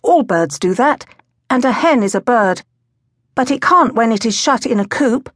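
A woman's voice: a little high, lively intonation, moderate pace, voice pushed up. A woman narrator voicing a gloomy, fretful boy who talks solemnly.

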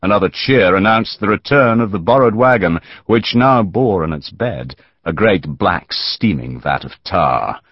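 A man narrating a historical novel audiobook in a measured, dramatic storytelling manner. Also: low voice, animated, no echo, dull audio.

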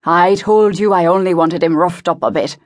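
A woman's voice: lowish voice, moderate pace, no room sound, clean studio sound, close to an everyday voice. A woman reading an angry nobleman who snaps curt commands at hired men. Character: angry scheming nobleman, middle-aged man.

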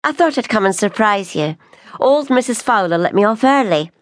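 A breezy young lass of twenty, as a woman reader voices her, upbeat and lively. The sound is close and dry. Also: medium pitch, normal speed, dry recording, pitched above the performer's own voice, lightly acted. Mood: cheerful. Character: lively twenty-year-old Scottish daughter.

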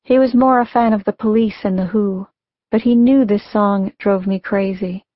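A woman narrating her own memoir as a scripted audiobook, in a measured, reflective reading. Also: medium pitch, steady tone, dry recording. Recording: dry, dull lo-fi audiobook recording.

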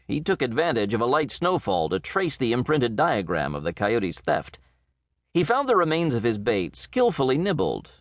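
A man narrating an audiobook story in a measured, expressive reading voice, recorded on a close studio mic. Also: medium pitch, no echo. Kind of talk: scripted narration.

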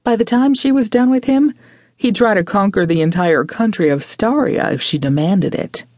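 A woman narrating a romance audiobook in a measured, expressive way. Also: mid-range voice, dry recording, clean studio sound. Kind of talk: scripted narration.

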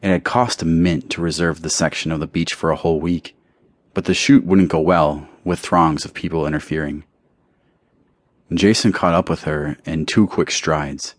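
A man with a very low voice reading an audiobook in measured, even narration. The recording is dry and close, with no room sound. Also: dry recording. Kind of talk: scripted narration.

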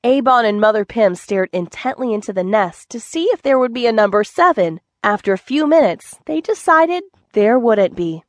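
A woman narrating a children's book in a gentle, clear storytelling manner. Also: a little high, expressive, normal speed, few pauses, no room sound. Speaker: audiobook narrator.

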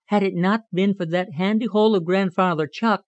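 A man voicing a curious, proud young male cottontail rabbit in an audiobook, quick to protest. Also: high voice, fairly even intonation, no echo, highs cut off, voice pushed up, close to an everyday voice. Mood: indignant. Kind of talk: audiobook character reading.

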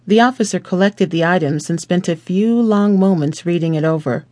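Slow, measured male audiobook narrator. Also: sits high, a little mellow, dry recording. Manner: slow, measured, deliberate reading.

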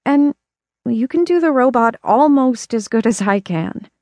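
A woman voicing a shy little girl who speaks softly and gently for an audiobook. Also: a little high, expressive, measured pace, no echo. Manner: soft and gentle. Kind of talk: audiobook character voice.

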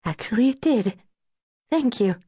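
A woman's voice: a little high, animated, a little slow, warm tone, husky, dry recording, studio quality, voice pushed up. A woman narrator voicing a grieving young Southern society wife with a Southern accent, quavering and tearful.

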